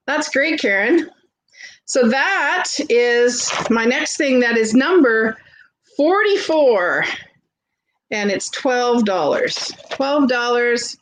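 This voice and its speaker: A woman with a Canadian accent, hosting a live vintage sale and chatting warmly with viewers as she shows jewelry. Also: on the high side, rough recording. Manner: chatty and gushing, greets viewers by name. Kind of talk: casual live-stream selling.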